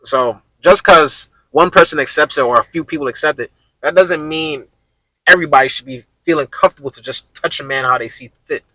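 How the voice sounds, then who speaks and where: A man's voice: a little high, a little fast, pushed and bright, dry recording, poor audio. A man hosting a podcast in casual, slangy chat, speaking emphatically and addressing listeners directly. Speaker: podcast host.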